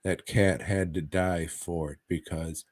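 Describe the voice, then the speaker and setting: A man co-hosts a podcast in casual, profane chat and rambles through stories. His voice sits low and moves slowly. The sound is close and completely dry. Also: steady tone, darkish tone, no echo. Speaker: podcast co-host.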